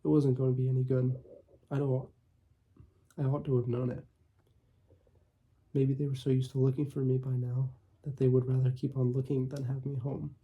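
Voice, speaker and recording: A man reading a first-person short story aloud in a measured way, with small slips. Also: medium pitch, level tone, husky, phone-quality sound. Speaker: audiobook reader.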